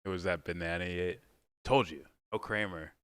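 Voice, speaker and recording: A man's voice: deep voice, fairly quick, fairly bright tone, clear, resonant tone, no echo. A man hosting a casual livestream, reacting and chatting in a rambling, giggly, profane way. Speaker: livestream host.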